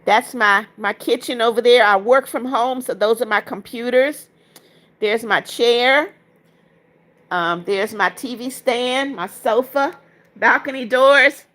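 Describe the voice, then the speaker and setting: A chatty woman with a slightly high voice talks casually into her phone on a livestream. She reads out viewer comments and answers them, walking through her apartment and pointing things out. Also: slow, fairly bright tone. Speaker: livestream host. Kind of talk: casual livestream chat, reading comments aloud.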